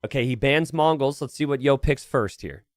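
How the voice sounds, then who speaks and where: A man's voice: medium pitch, moderate pace, no room sound. Male live-stream caster: chatty, rambling, thinks aloud to chat, dead-dry close mic. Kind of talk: casual live-stream commentary.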